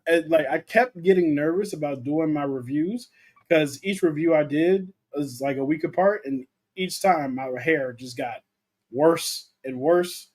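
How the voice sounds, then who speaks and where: A man's voice: fairly high pitch, a little slow, a little mellow. A young man co-hosting a casual livestream about movies, chatting loosely and reading viewer comments aloud. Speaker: co-host of a movie talk livestream.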